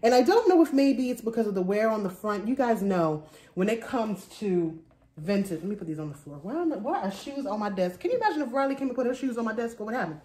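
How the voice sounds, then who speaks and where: In an echoey room, a woman in her thirties chats to camera about her thrift haul, rambling and laughing often. Her voice is a little high, animated and mellow, and she speaks at a quick pace.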